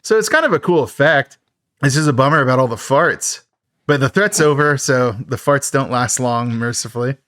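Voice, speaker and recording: A man's voice: medium pitch, moderate pace, fairly bright tone, no echo. Dry-voiced man recapping a film. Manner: rambling, filler-heavy, laughs at the film. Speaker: podcast host.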